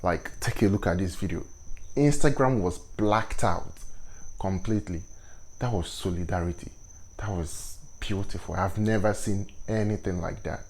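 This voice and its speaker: A man with a Nigerian accent, whose first language is Igbo, hosting a vlog and giving commentary on current events in a measured, deliberate and earnest way. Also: low-pitched, a little mellow. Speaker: host.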